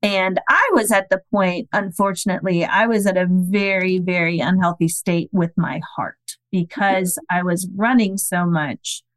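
A woman's voice: lowish voice, a little slow, few pauses, fairly bright tone, no room sound, rough recording. A woman in her thirties, a podcast guest, telling a personal story in a casual, earnest way and acting out the people she quotes. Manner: earnest, acts out quoted dialogue.

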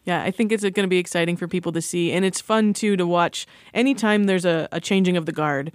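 A woman's voice: on the low side, fast talker, no echo, clean studio sound. A woman interviewer asking questions and affirming her guest's answers. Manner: engaged, affirming.

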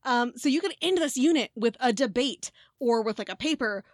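A woman's voice: a little high, lively intonation, moderate pace, dry recording, clean studio sound. A woman in her thirties, a former teacher, co-hosting a casual chat, candid and swearing freely. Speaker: podcast co-host, former teacher.

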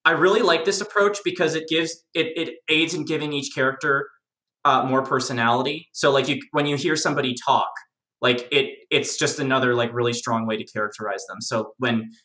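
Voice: medium pitch, steady tone, brisk, bright, forceful tone, echoey room. A podcast guest explaining game lore in casual chat, enthusiastic and rambling with many fillers.

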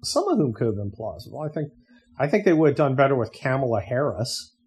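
A man's voice: mid-range voice, big pitch swings, fast talker, a little mellow, breathy edge. A man hosting a podcast, talking casually in a sarcastic, profane rant. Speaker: podcast host. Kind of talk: casual monologue.

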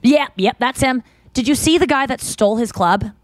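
A woman's voice: on the high side, normal speed, no room sound. A woman hosting a podcast, chatting casually and rambling with lots of fillers and restarts. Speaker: podcast host. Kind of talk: casual chat.

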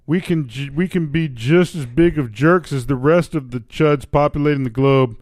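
A man's voice: on the high side, normal speed, darkish tone, dry recording, studio quality, close to an everyday voice. A man voicing a stereotypical polite Canadian man, with a put-on Canadian accent, tagging his sentences with "eh" while reading comic news. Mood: mock folksy. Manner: tags sentences with "eh".

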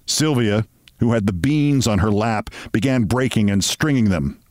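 A man's voice: lowish voice, animated, moderate pace, darkish tone, no echo. Man reading a story aloud, dry sound. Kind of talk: storytelling narration.

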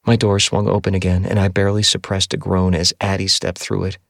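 A man narrating a first-person audiobook in a steady, measured storytelling voice. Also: deep voice, vocal fry, dry recording, studio quality.

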